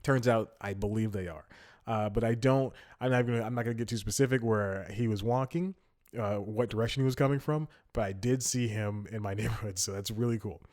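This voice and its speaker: A man's voice: lowish voice, fairly quick. A young man hosting a solo comedy podcast, telling a rambling story and often laughing mid-sentence, livening up when he acts out what people said. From Atlanta, United States. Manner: animated when acting out quotes. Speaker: podcast host.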